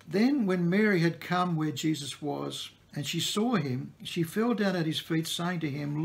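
A male preacher delivering a sermon with a gravelly, creaky edge to his voice. His pitch sits a little higher than most men's, and he explains the passage in an easygoing, conversational teaching manner. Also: measured pace, few pauses. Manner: plain-spoken, conversational teaching.

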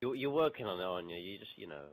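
A man with a lowish voice, chatting while gaming through a headset. He answers bluntly and teases the others in short bursts. Gunfire from the game runs clearly behind him. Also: expressive, very fast, very noisy. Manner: blunt, teasing, short replies. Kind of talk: casual gaming chat.

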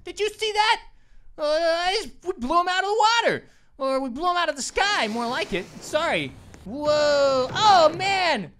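A woman voicing an excitable, goofy cartoon grape who gives let's-play commentary as a gaming channel host. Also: sits high, a little slow, heavily acted. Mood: excited. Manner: excitable, exclaims and laughs, cartoonish.

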